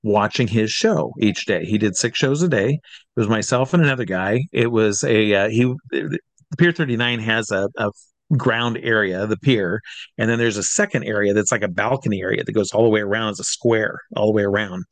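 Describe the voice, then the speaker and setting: A middle-aged man from Iowa, an entertainer telling a lively anecdote and acting out the people in it. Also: lowish voice, brisk, no echo. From Iowa, USA. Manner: lively storyteller who acts out the people he quotes. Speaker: entertainer guest. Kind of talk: animated anecdote.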